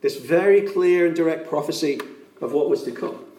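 A man's voice: a little high, moderate pace, warm tone, a little hiss or hum. A man preaching a sermon in an earnest, emphatic way, repeating key phrases for weight. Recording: echoey room, voice from a distance.

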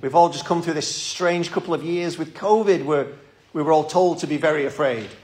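A man's voice: a little high, fairly quick, a little mellow. Earnest man preaching a sermon. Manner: earnest, repeats words, pleading. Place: church.

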